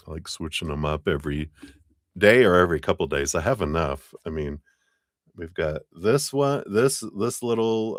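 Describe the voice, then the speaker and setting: A man's voice: deep voice, dry recording, clean studio sound. A man hosting a live tarot stream, chatting casually and upbeat as he thanks viewers one by one, laughing often.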